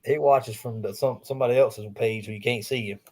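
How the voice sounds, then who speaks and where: A man's voice: medium pitch, steady tone, brisk. A man with a coastal Southern Geechee accent co-hosting a casual talk show, rambling in a laid-back way with frequent chuckles. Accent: Southern US, coastal Geechee-tinged. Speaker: podcast co-host. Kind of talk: casual chat.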